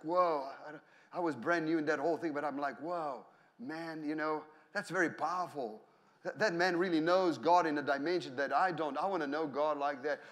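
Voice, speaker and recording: Middle-aged Australian male pastor, high voice, sermon delivery, lively and laughing, bursts of shouting. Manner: animated storytelling with laughs and shouted hallelujahs.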